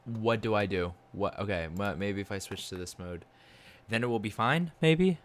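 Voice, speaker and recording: A young man giving casual commentary while learning 3D software, exasperated and muttering to himself. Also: on the low side, normal speed. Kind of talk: casual screen-recorded commentary.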